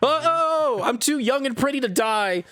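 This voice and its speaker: A man voicing a panicky, vain young woman in a shrill, overblown way while recapping a cartoon. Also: expressive, normal speed, sharp tone, no room sound, studio quality, exaggerated voice. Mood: panicked.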